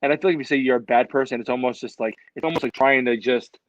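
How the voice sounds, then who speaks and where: A man co-hosting a podcast in casual chat, rambling and halting, swearing casually. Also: medium pitch, highs cut off. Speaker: podcast co-host.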